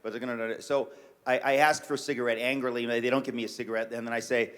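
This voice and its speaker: Joking man from New York, mid pitch. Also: rapid-fire. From New York City. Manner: joking, animated storyteller. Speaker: guest author. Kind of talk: casual chat. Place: church stage before an audience.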